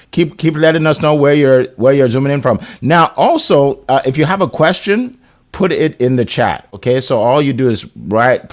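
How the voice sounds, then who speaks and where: A man hosting an online panel on a video call, talking casually with many fillers and restarts. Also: medium pitch. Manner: animated, filler-heavy, restarts. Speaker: host.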